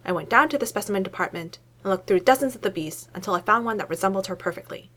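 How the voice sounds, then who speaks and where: A woman's voice: expressive, quick pace, a bit bright. A woman putting on a flustered, fussy male scientist. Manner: huffy and grumbling, turning shrill and flustered.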